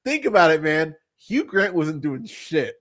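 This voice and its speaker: A man hosting a casual movie podcast, rambling and swearing freely, full of fillers and restarts, and turning animated when he mocks what he saw. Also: a little high, unhurried. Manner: animated when mocking characters. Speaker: podcast host. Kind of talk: casual movie review chat.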